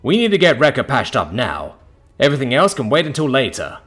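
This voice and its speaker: A man's voice: mid-range voice, huge pitch swings, a little fast, fairly bright tone, husky, soft background music, exaggerated voice. A man doing a tough, barking commander. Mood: urgent. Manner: aggressive, clipped orders.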